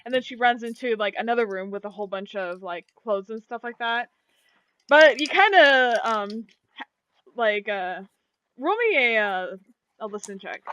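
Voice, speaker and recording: A woman's voice: a little high, animated, normal speed, pushed and bright, smooth, no echo, low-quality recording. Giggly young woman running a tabletop game. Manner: hesitant, many fillers and giggles. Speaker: dungeon master.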